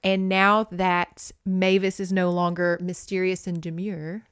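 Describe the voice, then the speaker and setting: Young woman podcast host, frank and opinionated, smooth clear voice, dry close sound. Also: lowish voice, level tone, unhurried, dry recording. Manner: candid, opinionated, swears freely. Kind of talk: casual book recap.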